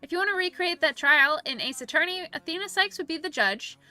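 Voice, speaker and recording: A woman streamer chatting casually and quickly, reacting to her viewers' comments. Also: very high-pitched, lively intonation, pushed and bright, faint music behind. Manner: chatty, rapid, reacting to chat. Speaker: livestreamer. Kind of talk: casual livestream chat.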